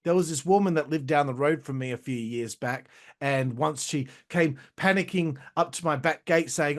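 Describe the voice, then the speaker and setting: A young man hosting a casual wrestling review, his voice sitting a bit high. He talks in a swearing, animated rant. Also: normal speed, few pauses. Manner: profane, ranting, animated. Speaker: host.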